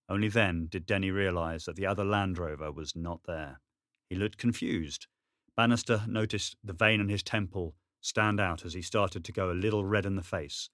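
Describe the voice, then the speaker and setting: In a studio-quality recording free of room sound, a man with a low voice reads scripted audiobook narration, his storytelling steady and measured.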